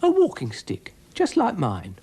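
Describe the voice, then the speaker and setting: Quavering fussy old storybook man, British, high and slow, man voicing. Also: huge pitch swings, a little mellow, husky, exaggerated voice. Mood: kindly.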